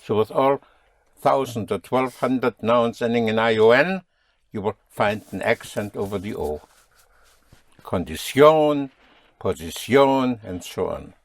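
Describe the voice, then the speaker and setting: A man's voice: fairly low pitch, normal speed, gravelly, no echo. A man teaching a language lesson, patiently quizzing his students and explaining rules. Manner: patient, drilling students with questions.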